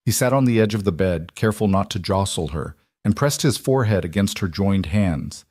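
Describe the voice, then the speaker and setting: A man reading a story aloud in a steady, measured way. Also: deep voice, no echo. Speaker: narrator. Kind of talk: scripted narration.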